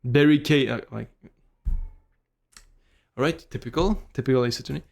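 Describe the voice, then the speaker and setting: A man's voice: medium pitch, expressive, normal speed, vocal fry. A young man streaming a game, chatting casually and swearing often. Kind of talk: casual gaming commentary.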